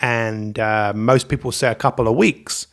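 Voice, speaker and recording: A man hosting his own motivational podcast about coaching, talking alone in an energetic, upbeat way and repeating catchphrases. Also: mid-range voice, normal speed. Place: indoors at home, coffee in front of him.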